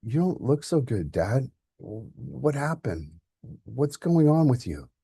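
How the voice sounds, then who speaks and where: A man's voice: mid-range voice, very animated, slow pace, vocal fry, mellow, husky, no room sound, studio quality, voice pushed up, full character voice. A man voicing a grown son, raw and emotional, who is angry at his father and later tender with him.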